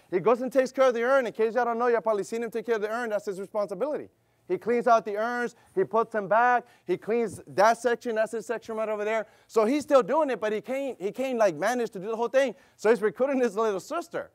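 A man's voice: very high voice, fairly quick, dry recording, clean studio sound. A middle-aged man preaching as pastor, emphatic and repetitive, calling for amens and telling a family story. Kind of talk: sermon with personal story.

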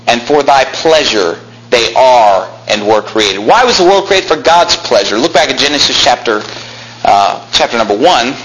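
A man's voice: on the high side, pushed and bright, slight background noise, poor audio. A young man preaching a sermon as pastor, reading scripture aloud in an old-fashioned cadence and rising to emphatic, angry bursts.

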